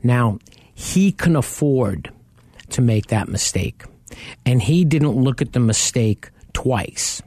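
A man's voice: mid-range voice, expressive, takes it slowly, mellow, no room sound. Guy co-hosting a car talk show, tells stories, dry studio sound. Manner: storytelling, acts out quoted people. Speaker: co-host. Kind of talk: casual radio talk show chat.

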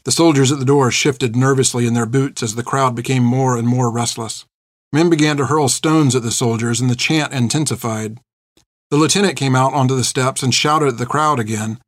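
A man reading a story aloud in a steady, measured narrating voice. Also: medium pitch, no room sound, studio quality. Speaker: audiobook narrator. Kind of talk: scripted narration.

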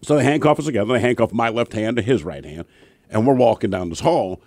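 A man co-hosting a talk radio show, telling a story in a casual, animated way and acting out the people in it. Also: medium pitch, fast, no room sound, studio quality. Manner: animated, acts out shouted quotes in his anecdotes. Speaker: radio co-host.

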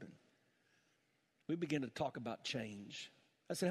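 A man's voice: mid-range voice, normal speed. A middle-aged man preaching a sermon, telling a family story and building to impassioned preaching. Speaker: pastor. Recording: long church hall reverb.

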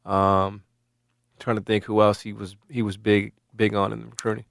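A man's voice: lowish voice, level tone, moderate pace, vocal fry, a bit bright, no room sound, studio quality. A middle-aged man hosting casual sports talk, rambling with many restarts and fillers.

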